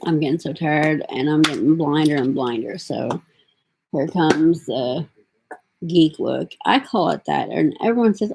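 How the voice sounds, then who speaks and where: A woman's voice: low voice, expressive, unhurried, gravelly, background noise. A middle-aged woman talking to her camera in a rambling, casual way, drifting from thought to thought with lots of fillers. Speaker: vlogger. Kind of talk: casual vlog talk.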